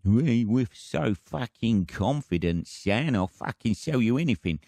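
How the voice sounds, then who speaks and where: A man's voice: mid-range voice, expressive, unhurried, creaky, warm tone, no echo, studio quality, voice pushed up. A man mimicking a swaggering, overconfident Cockney boyfriend with a put-on Cockney accent. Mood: cocky. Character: brash, cocky London boyfriend, male adult.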